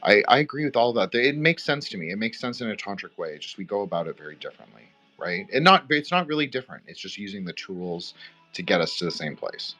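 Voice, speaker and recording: A man's voice: on the low side, very animated, quick pace, pushed and bright, faint music behind. A man co-hosting a roundtable podcast, talking in a loose, rambling way full of fillers. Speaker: podcast co-host. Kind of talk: casual roundtable discussion.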